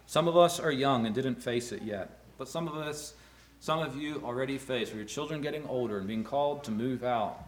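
A middle-aged man preaching a sermon to fathers, earnest, rising loud on key words and dropping low. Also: brisk. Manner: earnest, rises loud for emphasis then drops low. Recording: echoey room.

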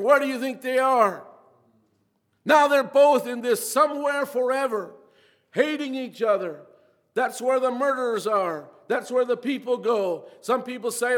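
A man preaching a sermon in an earnest way, repeating phrases and slowing down for emphasis. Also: extremely high pitch, big-room sound.

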